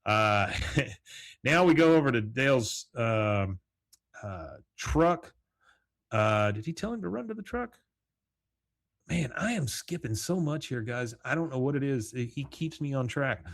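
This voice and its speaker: A man's voice: medium pitch, animated, a little slow, fairly bright tone, no room sound. A man hosting a podcast solo, recapping a cartoon episode in a rambling, casual way, full of fillers. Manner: rambling, with frequent fillers and chuckles. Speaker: podcast host.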